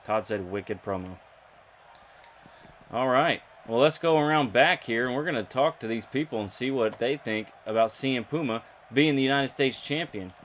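A young man commentating his own video game playthrough, excitable and jokey, talking to his viewers. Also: mid-range voice, moderate pace, a little hiss or hum. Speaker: gaming YouTuber. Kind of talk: let's play commentary.

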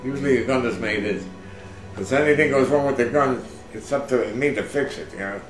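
An older man, a war veteran, recounts memories in a casual oral history interview. He rambles and uses many fillers, acting out shouted orders. His medium-pitched voice is a little fast, and the low-quality recording has an echoey room with faint music behind.

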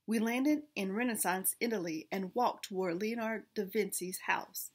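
A woman reading a children's storybook aloud in first person, expressive, with small restarts. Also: medium pitch, normal speed, few pauses, breathy edge.

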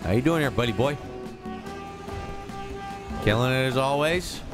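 Man, game stream banter, excited, swinging pitch, clear music behind. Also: unhurried. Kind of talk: casual game stream chat.

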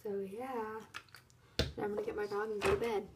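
A teenage girl chats at home late at night in a loose, rambling way, full of fillers. Her voice sits at an ordinary middle pitch and now and then slips into a half-whisper. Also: level tone, brisk, heavy background noise. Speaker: vlogger. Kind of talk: casual nighttime vlog.

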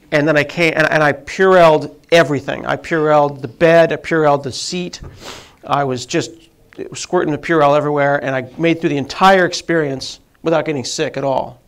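A man's voice: fairly high pitch, fairly bright tone, clean tone. A man in his forties with a sniffly cold, giving a self-deprecating, chatty live tech talk to an audience in a meeting room. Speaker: tech presenter. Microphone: handheld mic.

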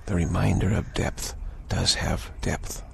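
Deep gravelly-voiced man, slow and halting. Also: steady tone, darkish tone, a little hiss or hum. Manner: halting, repeats words, pauses often. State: early morning voice, clearing throat. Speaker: spiritual teacher. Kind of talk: slow contemplative spiritual talk.

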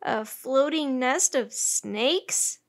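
A woman voicing an excited, fearless young girl in a storybook reading. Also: very high voice, moderate pace, voice pushed up. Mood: eager. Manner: bright and eager. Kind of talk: storybook read-aloud.

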